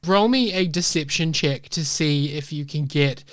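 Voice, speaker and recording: A game master narrating a tabletop role-playing game. The mid-pitched voice is loose and chatty, full of fillers, and recorded close and dry. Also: normal speed, no room sound. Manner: relaxed, casual, with fillers.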